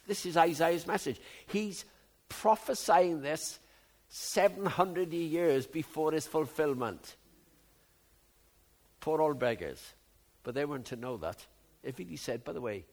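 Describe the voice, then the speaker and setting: Gravelly-voiced preacher in his seventies. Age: 70s. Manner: shifts from low musing to loud emphatic outbursts. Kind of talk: sermon.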